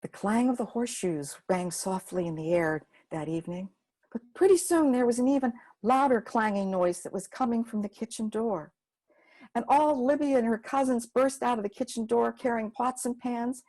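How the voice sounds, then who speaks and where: A woman's voice: fairly high pitch, moderate pace, dark tone. A woman storyteller, narrating a folk story expressively.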